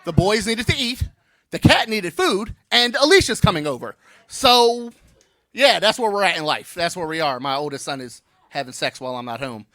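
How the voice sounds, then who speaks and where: A man's voice: high-pitched, sing-song, normal speed, pushed and bright, no room sound. A man in his thirties doing a brash, playful stand-up comedy set on stage, teasing the crowd.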